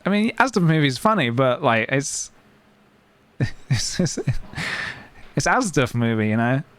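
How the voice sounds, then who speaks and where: A man's voice: medium pitch, animated, a little slow, fairly bright tone. A man chatting casually to his live-stream audience, giggly and talkative as he reacts to clips. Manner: chatty, giggly, talks to chat.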